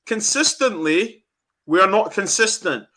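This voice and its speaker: A young man hosts a football reaction chat and rants in anger, swearing often. His voice sits high and swings widely in pitch. The tone is bright and forceful. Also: unhurried. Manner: angry, ranting, swearing, animated. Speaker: fan channel host.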